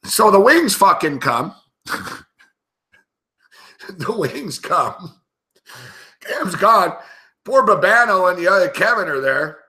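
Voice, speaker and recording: Bright, swearing male betting host. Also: high-pitched, sing-song, takes it slowly, pauses often. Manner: rambling, profane storytelling with frequent laughs. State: tipsy, recounting a night of drinking. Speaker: sports betting show host. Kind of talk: casual live betting commentary.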